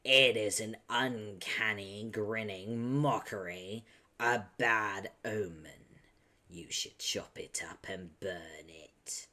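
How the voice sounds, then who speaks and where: A man voicing a stoic young man with a deep Texan drawl, slow and menacing, sometimes dropping to a whisper, in a comic read-aloud. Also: sharp tone, full character voice.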